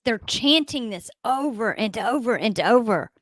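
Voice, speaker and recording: Woman, ghost hunter guest, animated and emphatic, higher-pitched. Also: unhurried, no echo. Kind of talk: storytelling in a radio interview.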